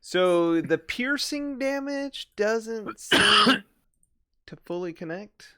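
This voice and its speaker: Slow-talking man running a tabletop game. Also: high voice, clear, resonant tone, no room sound, clean studio sound. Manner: relaxed, halting narration with fillers. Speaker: dungeon master.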